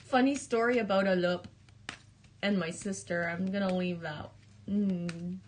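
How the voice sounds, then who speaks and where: Giggly woman chatting slowly on a live stream. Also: mid-range voice, slight background noise. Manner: giggly, chatty, greets viewers warmly. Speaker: live streamer reading oracle cards. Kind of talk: casual live-stream chat.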